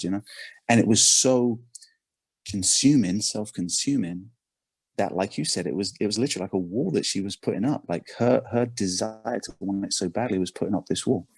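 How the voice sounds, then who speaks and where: An English man, a performance coach, tells an animated story in a podcast interview, often repeating his words. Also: lowish voice, fairly quick, gravelly, husky, no room sound. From England.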